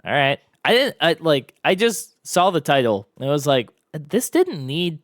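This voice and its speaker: Lively man, dry close sound. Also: a little high, normal speed, dry recording. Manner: animated, playful, mock-sarcastic asides. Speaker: podcast co-host. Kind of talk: casual chat.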